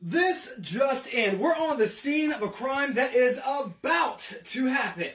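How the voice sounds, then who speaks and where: A woman's voice: sits high, expressive, takes it slowly, echoey room, shouting, recorded from a distance. A woman doing a comedic mock news report in an emphatic announcer manner.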